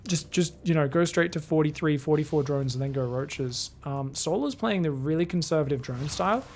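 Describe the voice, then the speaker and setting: Gravelly, chatty male game caster. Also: on the high side, fairly quick, a little mellow. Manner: chatty, rambling, talks to chat. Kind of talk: live solo game commentary.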